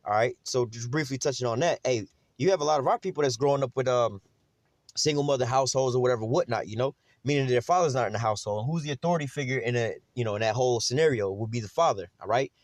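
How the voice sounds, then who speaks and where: Guy preaching a bible lesson quick and loose, lots of you know, dry close sound. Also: mid-range voice, no room sound. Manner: conversational, filler-heavy, emphatic.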